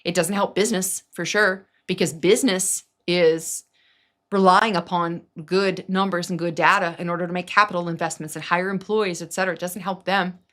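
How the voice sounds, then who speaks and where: A middle-aged political commentary vlogger offers casual opinions, emphatic and sarcastic, tossing in mocking asides as she rants. Her voice sits on the low side with fairly even intonation, a fairly bright tone, and normal speed.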